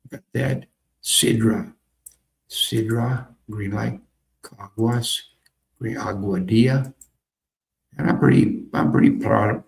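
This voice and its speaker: A man's voice: on the low side, gravelly, darkish tone. A man casually talking through a learning game as he clicks along, thinking aloud and repeating himself. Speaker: software demonstrator. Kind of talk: casual screen-recorded tutorial.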